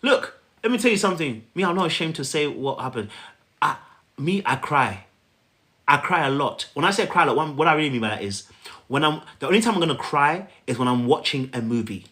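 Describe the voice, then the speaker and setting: A man giving relationship coaching, talking straight to the viewer in an animated, repetitive way. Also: a little high, a little fast. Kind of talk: coaching talk to camera.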